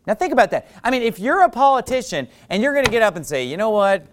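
A man preaching a sermon, who acts out the people he quotes with sudden loud outbursts. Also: high-pitched, big pitch swings, quick pace, noisy background.

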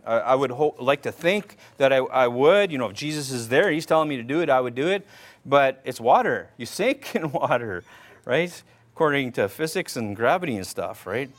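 A man's voice: mid-range voice, expressive, normal speed. A man preaching a conversational sermon, quoting old-style scripture and often checking in with "right?" as he talks. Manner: informal, repeats "right?" often, restarts words; quotes King James scripture aloud. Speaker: pastor.

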